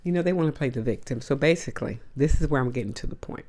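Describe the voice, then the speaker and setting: A woman's voice: rumbling low, quick pace, a little mellow. A woman hosting a casual monologue to camera, blunt and emphatic, with slangy asides. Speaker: host.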